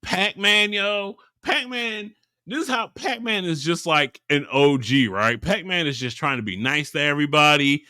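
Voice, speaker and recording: A little high in pitch and at a normal speed, a man with a clean tone co-hosts a casual podcast, animatedly retelling a story with lots of laughter and acted-out character voices. It's studio quality, with no room sound.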